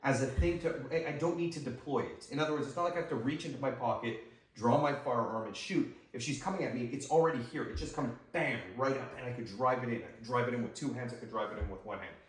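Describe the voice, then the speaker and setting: A man's voice: mid-range voice, fast talker. Man teaching self-defense in a roomy space. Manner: enthusiastic, talks while demonstrating moves. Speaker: self-defense instructor and host. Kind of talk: casual instructional demonstration. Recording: roomy echo, mic some distance away.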